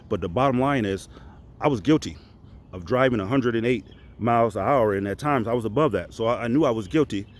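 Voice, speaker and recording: A man's voice: mid-range voice, slight background noise. A man in an earnest, conversational storytelling vlog, speaking as a motivational speaker with many fillers and restarts.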